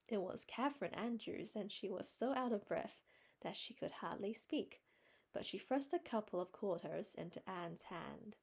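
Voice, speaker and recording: Woman reading a classic novel, raspy gravelly voice. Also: mid-range voice, lively intonation, normal speed, a little mellow. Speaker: reader. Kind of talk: storybook narration.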